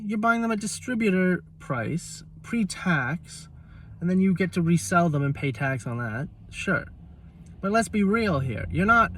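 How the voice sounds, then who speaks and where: In a casual vlog rant, a man with a high, somewhat bright voice tells a heated story about a bad trade at a shop. He swears, sounds exasperated, and mockingly quotes the other person, recorded from a distance with slight background noise.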